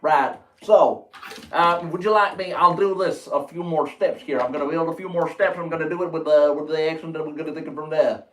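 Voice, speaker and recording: A man's voice: on the high side, fairly even intonation, brisk, a bit bright, recorded from a distance, natural voice. A man putting on a cliché American accent as a brash, boastful guy who talks in a rhythmic, almost rapping way. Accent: American, put on. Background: faint music.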